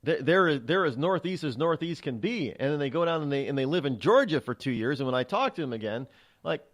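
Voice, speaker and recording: A man's voice: on the high side, lively intonation, fairly quick. A man hosting a show, talking in a rambling, chatty monologue with frequent restarts. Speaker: radio show host. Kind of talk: casual monologue.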